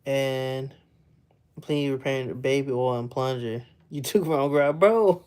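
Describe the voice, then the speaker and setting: A man's voice: slow pace, darkish tone, smooth. Laughing man with a light voice. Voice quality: rather high-pitched for a man. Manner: laughs often, loose and playful, teases chat. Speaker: livestreamer chatting with viewers. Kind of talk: casual live chat.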